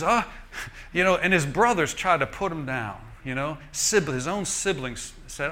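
Lively male preacher, folksy, joking, bright tone. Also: a little high, unhurried. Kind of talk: sermon.

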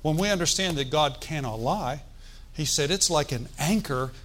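A man's voice: on the high side, normal speed, fairly bright tone, slight background noise. A man preaching a sermon in a conversational, folksy way, with joking asides and calls for the congregation to answer. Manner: asks the congregation for responses.

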